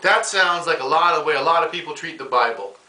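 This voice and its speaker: A man's voice: on the high side, animated, quick pace, pushed and bright, a little hiss or hum. A male comedian host from the United States, rambling through a casual comedic monologue and calling the listener "bro". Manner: rambling, ranting, slangy with "bro". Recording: echoey room, mic at a distance.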